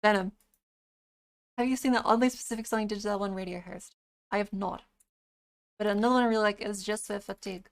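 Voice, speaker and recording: A woman's voice: medium pitch, steady tone, fast talker, pauses often. Blunt, swearing woman streamer. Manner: blunt, swears freely, laughs often. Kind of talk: casual live-stream chat.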